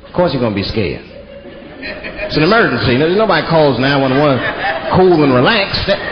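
A man from Washington, D.C. doing a stand-up comedy set in a theater, animated and jumping into mimicked voices. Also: fairly high pitch, moderate pace. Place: theater stage before a live audience. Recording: muffled live stage recording with loud crowd.

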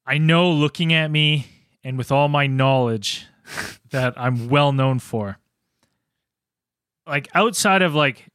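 Joking podcast co-host, slightly high voice. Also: male voice, a bit bright, dry recording, clean studio sound. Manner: jokey, rambling questions with many likes. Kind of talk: casual joking chat.

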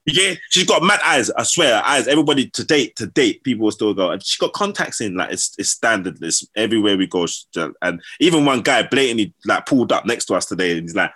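A husky, lowish-voiced man rattles through his stories quickly with few pauses, using casual slang and animatedly acting out people's words.

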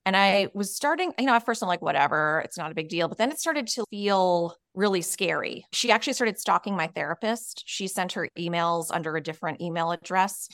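A woman's voice: fairly low pitch, animated, fairly quick, hardly any pauses, fairly bright tone, no echo, clean studio sound. A woman who writes and coaches, telling a personal story in a podcast interview, earnest and frank, with many "you know" and "like" fillers. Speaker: podcast guest, author and coach.

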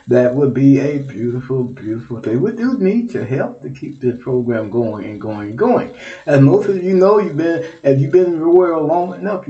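A man's voice: mid-range voice, mellow. A man hosting a small Christian talk program, praying and appealing for donations with exuberant, repetitive phrasing. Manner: exuberant, repeats phrases, laughs. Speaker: radio ministry host. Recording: dull lo-fi audio.

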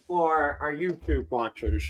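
A man's voice: a little high, lively intonation, takes it slowly, no room sound, lo-fi sound. A man co-hosting a podcast, telling a long story in a casual, rambling way with lots of "like" and restarts. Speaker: podcast co-host.

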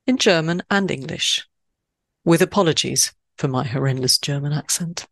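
Low-pitched woman from Switzerland, podcast host; scripted, emphatic delivery; dry, close sound. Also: animated, a little slow, gravelly, no echo.

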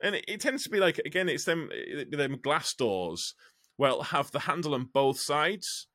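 A man's voice: fairly high pitch, moderate pace, dry recording, studio quality. A man who drives a truck, chatting casually, rambling and swearing as he tells stories. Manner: rambling, swears freely, animated storytelling. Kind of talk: casual chat.

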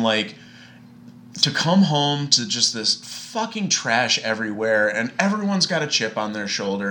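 A man's voice: fairly low pitch, bright, forceful tone. A man in his late thirties telling a travel story in a casual podcast chat, swearing and ranting with exasperation. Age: 30s. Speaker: podcast guest.

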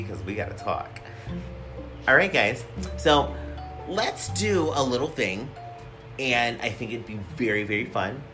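A man hosting a casual podcast, talking in a sassy, campy and profane way with a somewhat whiny voice. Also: fairly low pitch. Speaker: podcast host.

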